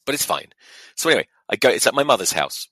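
A man's voice: mid-range voice, big pitch swings, fast talker, pushed and bright, dry recording, poor audio. A young man, a podcast host, telling a story in a sweary, mock-outraged monologue. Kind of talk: casual comedic monologue.

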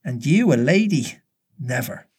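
A man's voice: mid-range voice, sing-song, measured pace, a little mellow, husky. A man reading aloud, voicing a brave young boy who is wounded and growing faint. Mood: earnest.

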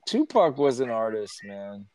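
A man co-hosting a podcast, animated and profane, acting out quotes in casual chat. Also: on the low side, unhurried, a crowd in the background. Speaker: podcast co-host.

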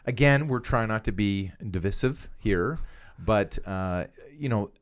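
Deep-voiced man, rambling. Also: expressive, measured pace. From Canada. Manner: rambling, repeats words when starting sentences. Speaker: podcast co-host. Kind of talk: casual political chat.

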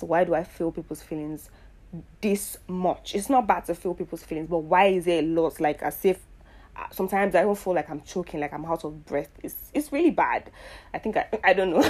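A woman from Nigeria hosting her own show, talking in a casual, earnest and reflective monologue full of fillers and pauses. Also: fairly low pitch, a little mellow. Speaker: podcast host.

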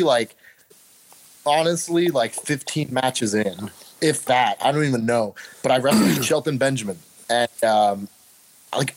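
A man's voice: mid-range voice, dry recording, low-quality recording. A man who is a former wrestler, co-hosting a casual podcast and rambling through his memories with lots of "like". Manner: rambling, filler-heavy. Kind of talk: casual chat.

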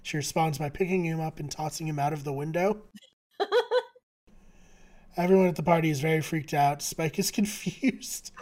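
Co-hosting a podcast, a man recaps a TV episode with a fairly high, steady, slightly mellow voice at normal speed, leaving long pauses. He's chatty and casual, full of fillers and frequent laughter.

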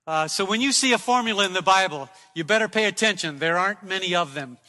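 In what sounds like a church sanctuary with a long hall reverb, a man delivers a sermon in a high, very bright voice, driving home repeated phrases. His delivery is animated and quick.

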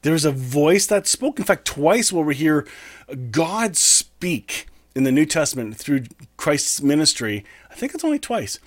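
A man preaching a conversational sermon as a pastor, reading scripture slowly and earnestly and then explaining it in a casual way. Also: on the high side, very animated, no echo.

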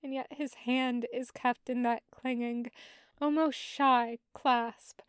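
Podfic narrator, woman, high voice, tender unhurried delivery. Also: steady tone, clear, resonant tone, no echo, clean studio sound. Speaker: podfic reader. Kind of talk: audiobook narration of fan fiction.

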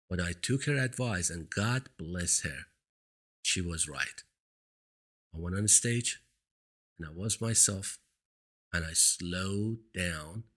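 Talk show host, male, non-native English with an accent; slightly low, husky voice; earnest, emphatic motivational delivery. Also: fairly bright tone. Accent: foreign. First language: not English. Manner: earnest, emphatic, repeats points for stress. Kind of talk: motivational monologue. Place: seated indoors. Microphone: studio microphone.

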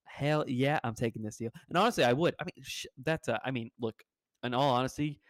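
A man's voice: medium pitch, brisk, no echo. A blunt, dry-humored man co-hosting a casual sports podcast who swears freely and talks shop. His voice sits in a middle range. The recording is close and dry. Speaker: podcast co-host.

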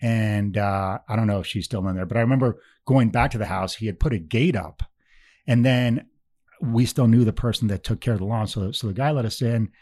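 A man's voice: lowish voice, fairly quick, darkish tone, dry recording. A man guest on a podcast, telling long, self-mocking stories in casual chat and acting out what people said. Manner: rambling, self-mocking anecdotes with acted quotes. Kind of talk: casual storytelling.

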